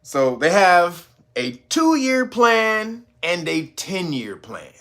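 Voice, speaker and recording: Laughing, profane male commentator. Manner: laughs often, profane, animated; mocks a stiff, slow talker in a low voice. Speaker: channel host. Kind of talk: casual commentary video.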